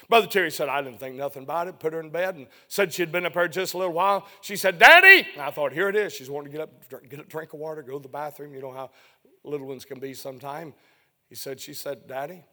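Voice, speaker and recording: Delivering a sermon, a man tells a story that swells into loud emotional highs and then sinks back into quiet, hushed moments.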